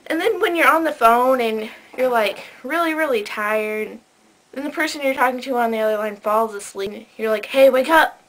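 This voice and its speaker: A woman's voice: fairly high pitch, normal speed, fairly bright tone, low-quality recording. A teenage girl complaining to camera, acting out both sides of the conversations she describes. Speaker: vlogger. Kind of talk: casual rant to camera.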